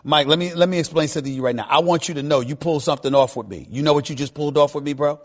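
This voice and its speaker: A man's voice: fairly high pitch, racing. Emphatic sports radio host, man. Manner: emphatic, repeats himself, voice shoots up when excited. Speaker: radio talk show host. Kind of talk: sports talk radio, taking calls.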